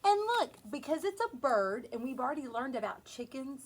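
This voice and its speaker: A woman teacher reading a picture book to young children in a gentle, sing-song way. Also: high voice, sing-song, normal speed, few pauses, slight background noise, poor audio. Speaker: preschool teacher.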